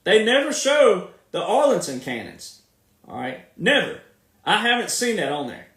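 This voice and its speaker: A man's voice: high-pitched, big pitch swings, moderate pace, fairly bright tone. A man with a Southern accent giving an emphatic, repetitive monologue, drawing his words out as he makes his points. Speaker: commentator. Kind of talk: casual monologue. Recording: echoey room, speaking from off the mic.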